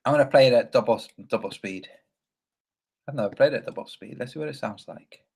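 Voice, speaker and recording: A man giving measured reaction commentary on a clip, pausing often with hesitant fillers. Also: medium pitch, creaky, a little mellow, breathy edge.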